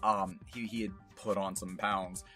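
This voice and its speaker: A man's voice: deep voice, level tone, a little slow, pushed and bright, faint music behind. A man who works as a voice actor, rambling casually and laughing at himself as he explains his craft. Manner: rambling and self-amused, with many fillers. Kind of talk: casual talk about voice acting.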